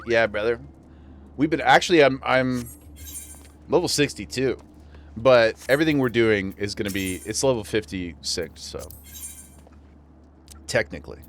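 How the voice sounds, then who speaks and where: Streaming a game with faint music behind him, a western New York man chats casually and laughs a lot in his regional accent. His voice is lowish, his pace moderate, and he takes long pauses.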